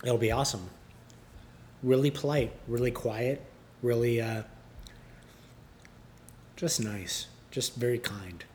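A man from Canada, a podcast guest who jokes in a rambling, deadpan way. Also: medium pitch, slow pace, pauses often, slight background noise. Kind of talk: casual joking chat.

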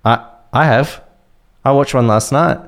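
A man co-hosting a casual podcast, joking in a dry, deadpan way. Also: medium pitch, measured pace, faint music behind. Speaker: podcast co-host. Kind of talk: casual chat.

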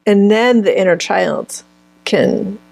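A woman's voice: medium pitch, takes it slowly, vocal fry, a little mellow, no room sound. A woman speaking as a healer guest in an interview, searching for words and often restarting phrases mid-thought. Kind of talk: conversational interview answers.

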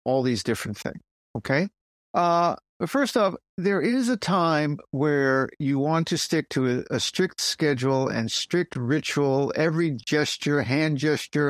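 A man with a French accent, a Zen teacher talking through ideas on a podcast, stressing points with pauses. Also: fairly high pitch, dry recording, clean studio sound. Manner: animated, pausing to stress points.

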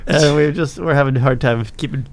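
A man hosting a podcast in a casual, ranting style, frank and profane as he tells animated stories. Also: on the high side, brisk. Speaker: podcast host.

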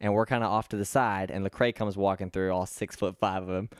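A man co-hosting a podcast, telling stories in an animated, self-deprecating way. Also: sits low, quick pace, clean tone, no echo, clean studio sound. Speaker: podcast co-host. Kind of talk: casual conversation, storytelling.

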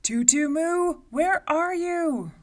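A woman voicing a huge, hungry male giant who bellows his words slowly and loudly. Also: very high voice, a little hiss or hum, voice pushed up. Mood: angry. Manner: slow, loud, drawn-out bellowing.

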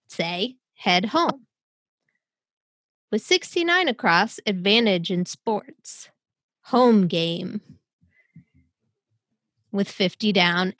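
Playful woman host, clue-reader, bright voice, dry booth sound. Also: medium pitch, no room sound. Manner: playful, wordplay-loving. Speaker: podcast host. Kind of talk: casual chat, reading crossword clues.

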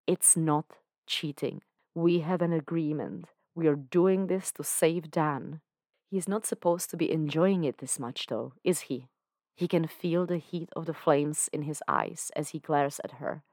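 A woman with a low voice reads fan fiction aloud for a podcast at an unhurried pace. Her narration is calm and measured. The recording is dry and close, with no room around it. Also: dry recording. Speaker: podcast fanfiction reader.

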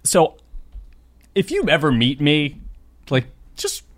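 A man's voice: on the high side, slow. A man co-hosting a podcast in casual chat, telling self-deprecating stories and acting out the voices of the people in them. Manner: animated storyteller, acts out quoted voices. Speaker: podcast co-host.

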